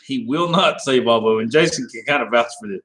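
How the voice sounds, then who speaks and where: A man's voice: medium pitch, fairly quick, fairly bright tone, poor audio. A man hosting a casual live stream, rambling and laughing as he talks to viewers by name.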